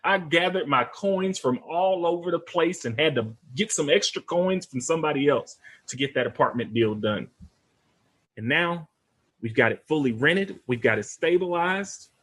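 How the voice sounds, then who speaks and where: A husky-voiced man talks straight to his listeners in a motivational podcast. His pitch sits a bit high and leaps around with lively energy, in the rhythm of a pep-talk preacher. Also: moderate pace. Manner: animated, preacher-like, addresses listeners as y'all. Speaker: podcast host and real estate investor.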